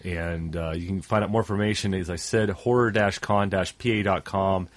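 A man's voice: low-pitched, steady tone, moderate pace, no echo. A man co-hosting a radio show in casual talk, stuffed up, rambling with many fillers and trailing off at phrase ends.

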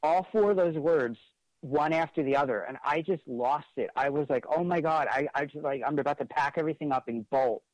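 A man's voice: fairly high pitch, fairly quick, no echo, low-quality recording. A man recounting a personal experience in an interview, speaking earnestly with frequent "like" fillers and restarts. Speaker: interview guest. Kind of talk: conversational storytelling.

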